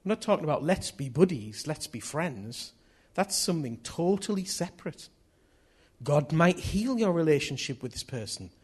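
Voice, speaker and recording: A man's voice: a little high, sing-song, normal speed, breathy edge. A man preaching a sermon in a chatty, jokey way, laughing at himself as he tells stories.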